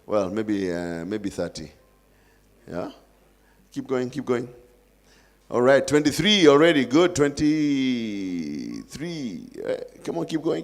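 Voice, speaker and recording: A man's voice: mid-range voice, darkish tone. A man with a Kenyan accent hosting a live forum, coaxing and playful with the audience. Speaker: event host.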